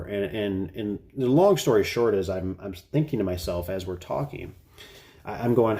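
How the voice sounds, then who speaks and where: A middle-aged man with a fairly low voice tells a work story in a loose, chatty way. He rambles, restarts his sentences and sounds fed up with the customer. His tone is warm and mellow rather than bright. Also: expressive, moderate pace. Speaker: garage door business owner. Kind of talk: casual storytelling to camera.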